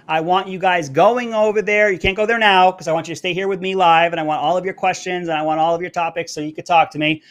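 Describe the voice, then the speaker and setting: A male political talk host on a live stream, with a high-pitched voice. He talks in a brash, sarcastic way, swears freely and pounds his points home through repetition. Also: fairly even intonation, fast talker, fairly bright tone. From Latino background, living in Florida.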